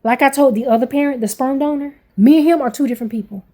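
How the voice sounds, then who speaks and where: A woman's voice: high voice, quick pace, warm tone. A woman in her forties venting angrily to camera as a parent, blunt, swearing heavily and repeating herself. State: angry. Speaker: parent vlogger.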